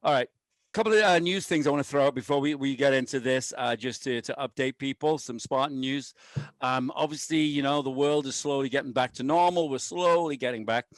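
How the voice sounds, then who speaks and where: A man's voice: mid-range voice, fairly quick, dry recording. A man co-hosting a podcast in a loose, rambling way, poking fun at himself. He is on painkillers after a wisdom tooth removal. His voice sits mid-range and sounds dry and close. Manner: loose, rambling, self-mocking. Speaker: podcast co-host, race director. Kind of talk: casual podcast chat.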